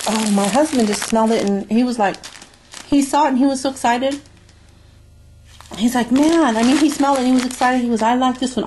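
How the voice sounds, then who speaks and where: A woman's voice: on the high side, a little mellow, slight background noise. A woman casually reviewing a haul of beauty products, gushing and dreamy as she smells each one and lingers over her words.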